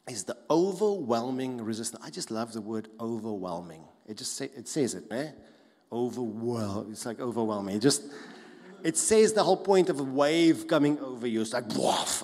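A man delivers a sermon from the pulpit, his pitch moving a lot as he acts out mocking voices. His voice sits in the middle range. The sound carries the long reverb of a large church hall. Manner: animated, acts out mocking voices with swings in loudness. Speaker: pastor.

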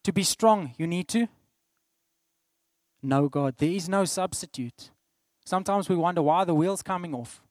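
A middle-aged man with a South African accent preaching a sermon, swinging between loud declarations and soft asides. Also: sits high, moderate pace, long pauses, no echo, clean studio sound. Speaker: pastor.

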